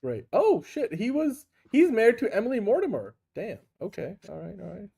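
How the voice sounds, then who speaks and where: A man co-hosting a casual podcast chat, animated and quick to laugh and react. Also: sits high, creaky, slightly rough. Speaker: podcast co-host.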